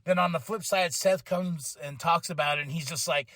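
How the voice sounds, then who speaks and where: A man hosting his own wrestling podcast in casual chat, excitable and rambling, with many restarts and bursts of laughter. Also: a little high, no echo, clean studio sound. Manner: excitable, rambling, quick restarts and self-corrections; breaks into laughter and shouted exclamations.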